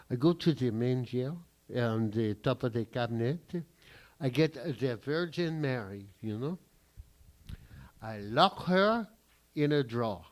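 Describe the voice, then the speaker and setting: A man voicing an aggrieved French man recalling his boyhood, with a put-on French accent and deadpan, indignant delivery in a standup bit. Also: mid-range voice, lightly acted. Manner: indignant, deadpan storytelling with profane punchlines.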